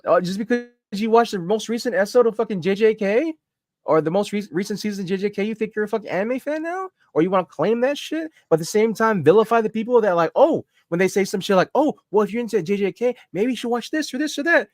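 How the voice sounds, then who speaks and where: A man's voice: sits high, lively intonation, quick pace, no echo, studio quality. A man co-hosting a podcast, ranting heatedly and profanely in casual chat. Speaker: podcast co-host.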